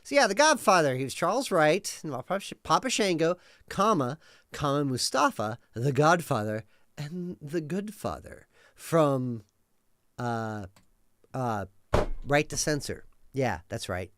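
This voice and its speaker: A man in his thirties chatting casually on a live stream, rambling and animated, swearing freely and filling his speech with likes and uhs. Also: a little high, a little slow, no echo, clean studio sound.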